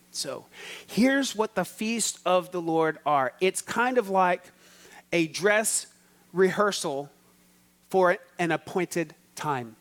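A man's voice: high voice, expressive, slow, fairly bright tone. A male pastor preaching a sermon, teaching emphatically, repeating key words and asking the congregation to answer back.

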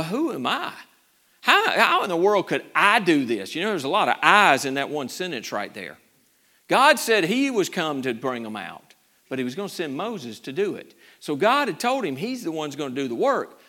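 Male pastor, high bright voice, animated sermon delivery. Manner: animated preacher acting out scripture scenes.

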